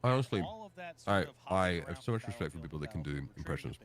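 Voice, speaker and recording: A man chatting casually on a co-stream in a quick, reflective way. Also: low voice, animated. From Australia. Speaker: co-stream host. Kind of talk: casual chat.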